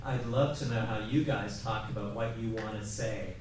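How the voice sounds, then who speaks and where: A man, a newspaper journalist, asking a polite, slightly halting question at a press conference. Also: lowish voice, fairly even intonation, noisy background. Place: large press conference room. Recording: distant, echoey, with crowd.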